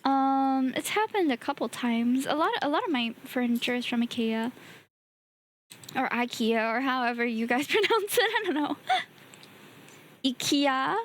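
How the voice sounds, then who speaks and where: Woman, streamer, high voice, easygoing casual chat, soft laughs, home desk. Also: animated, moderate pace. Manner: chatty and easygoing, often laughing softly. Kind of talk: casual chat while building a kit.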